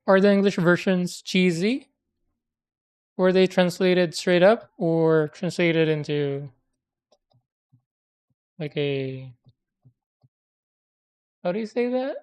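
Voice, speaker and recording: A woman's voice: fairly low pitch, darkish tone, clean tone. A woman in casual chat who rambles, hesitates and corrects herself as she talks. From immigrant to America.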